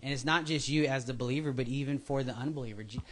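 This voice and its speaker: A man's voice: medium pitch, fast. A man preaching a casual sermon, chatty and prone to tangents, acting out what people say. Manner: chatty, goes off on tangents, acts out quotes in voices.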